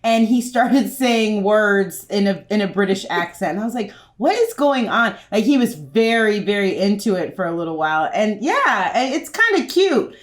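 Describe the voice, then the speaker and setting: A woman's voice: mid-range voice, expressive, moderate pace, hardly any pauses. A woman co-hosting a casual podcast, talking chattily with many fillers. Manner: chatty, lots of fillers and likes. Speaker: podcast co-host. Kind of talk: casual chat. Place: indoors in a child's room.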